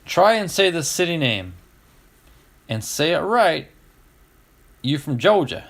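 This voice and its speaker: A middle-aged man hosting a casual stream, opening card packs and chatting with viewers, getting excited over each card. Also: fairly high pitch, slow. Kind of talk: casual live-stream chat.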